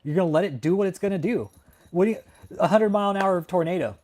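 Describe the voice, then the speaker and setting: Speaking high and fast with a darkish edge, a man originally from California runs a casual livestream chat out of his home in Texas. He's heated and emphatic, cursing often and repeatedly ending phrases with "man."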